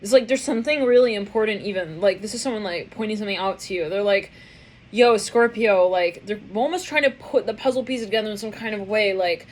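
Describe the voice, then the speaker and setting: A woman's voice: medium pitch, quick pace. A woman doing a casual tarot reading who laughs often and acts out voices she hears. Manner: excitable, laughing, acting out quoted voices. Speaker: tarot reader.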